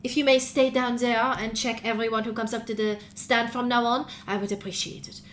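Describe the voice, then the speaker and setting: A woman's voice: fairly high pitch, level tone, fairly quick, a little hiss or hum, natural voice. A woman voicing a stern female archbishop who presides over a court, speaking in a formal, commanding way.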